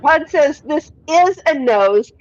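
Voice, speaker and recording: A woman's voice: high-pitched, expressive, takes it slowly, dry recording, highs cut off. Chatty swearing woman livestreamer. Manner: chatty, swears freely, reads chat aloud. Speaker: livestream host. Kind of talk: casual chat reading viewer comments.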